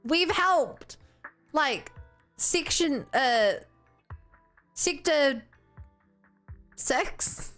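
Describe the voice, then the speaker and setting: A woman's voice: high-pitched, expressive, drawn-out words, pauses often, a bit bright, soft background music. A woman with a New Zealand accent chatting casually and playfully on a gaming stream, with lots of "like" and "oh my god".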